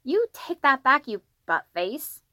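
A woman voicing a cheeky little boy who whines in a high, shrill voice. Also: big pitch swings, moderate pace, fairly bright tone, no echo, studio quality. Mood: whiny.

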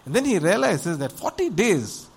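Man, preacher, high voice, conversational sermon, rhetorical questions. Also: moderate pace, creaky, husky. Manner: animated storytelling with acted voices. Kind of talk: sermon retelling a Bible story.

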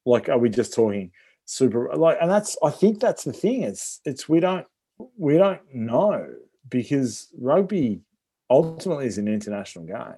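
A man's voice: mid-range voice, very animated, moderate pace, warm tone, slightly rough. A man chatting casually about sport, with lots of "like" and "you know".

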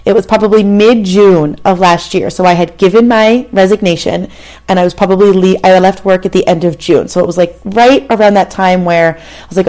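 Her voice is medium-pitched, dark in tone and fairly even in intonation, and she talks fairly quickly. The speaker, a show host in her thirties, shares a personal story in a candid, conversational monologue aimed directly at the listener.

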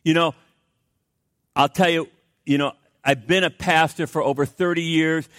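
A middle-aged man preaching a sermon as pastor, swinging between loud urgent pleas and hushed low asides, often repeating words for emphasis. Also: fairly even intonation, normal speed, dry recording, studio quality.

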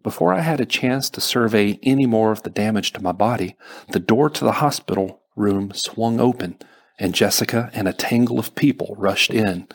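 A man narrating a first-person novel as an audiobook, slow and measured. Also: on the low side, creaky, breathy edge.

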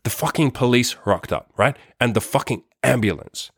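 A man's voice: mid-range voice, lively intonation, normal speed, husky, dry recording, clean studio sound. A young man telling a personal story to camera in a rambling, profane way, full of fillers and tag questions. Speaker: vlogger.

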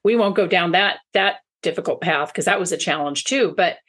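A woman co-hosts a podcast in a husky, fairly bright voice that sits on the low side, talking a little fast. Her casual chat is rambling and friendly, and she often restarts her sentences.

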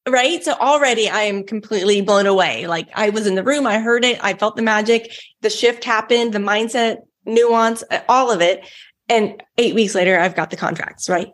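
A woman's voice: medium pitch, moderate pace. Chatty Texan woman telling a story. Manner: chatty and enthusiastic, many "like"s. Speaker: guest giving a testimonial. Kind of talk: casual podcast storytelling.

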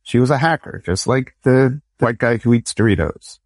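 A man's voice: medium pitch, expressive, normal speed, no room sound, clean studio sound. A middle-aged man from Michigan, an actor and educator, telling stories from his career in a reflective, conversational interview. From Michigan, United States. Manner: reflective, storytelling with quoted dialogue.

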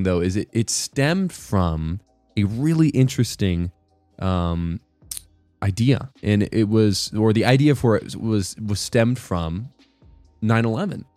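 A man's voice: on the low side, darkish tone, no echo. A man giving a casual devotional talk, rambling and correcting himself, often checking in with "right?". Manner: rambling, self-correcting, keeps asking "right?". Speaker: worship music commentator.

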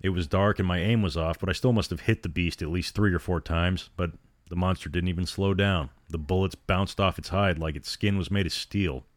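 A man narrating a scripted horror story in a steady, grim storytelling manner. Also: low-pitched, a little fast, dry recording.

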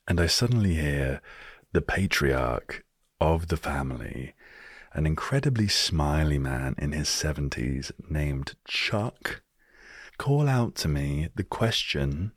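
A man's voice: a bass voice, dry recording, studio quality. A British man hosting a solo storytelling podcast, talking with wry, self-deprecating humor. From Britain. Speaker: podcast host.

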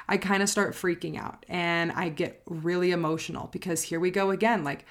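A woman's voice: on the low side, fairly even intonation, normal speed. A woman life coach talking straight to camera in a personal vlog, earnest and reflective, repeating phrases for emphasis and sounding close to tears. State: emotional, near tears.

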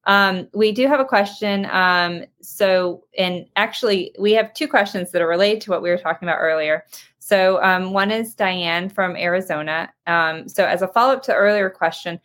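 A woman's voice: mid-range voice, normal speed, fairly bright tone. A woman hosting a webinar and reading out audience questions, speaking hesitantly with many filler ums. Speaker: host. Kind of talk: moderating a webinar Q&A.

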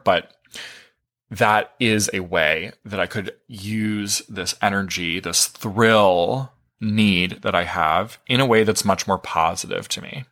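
Male life-coach host: low-pitched, bright, forceful tone; frank and profane, with easy laughter. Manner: candid, swears freely, laughs often. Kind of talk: casual self-help monologue.

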